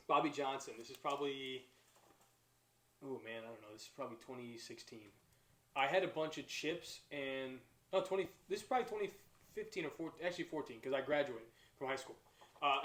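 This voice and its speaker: A young man, telling stories in a profane, excitable casual chat. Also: mid-range voice. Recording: echoey room.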